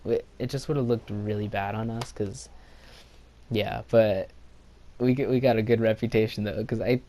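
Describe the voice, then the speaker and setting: A man's voice: lowish voice, steady tone, normal speed, mellow. A young man recounting a trip in a loose storytime vlog. He rambles, stacks up fillers, and acts out what everyone said. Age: young adult. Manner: rambling, full of "like" fillers and quoted dialogue. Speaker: vlogger.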